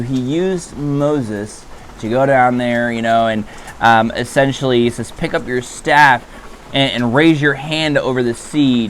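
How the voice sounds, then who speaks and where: A man, a pastor, giving a short morning devotional in a relaxed, conversational way, full of fillers and restarts. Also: mid-range voice, a little hiss or hum. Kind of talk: short encouraging devotional talk.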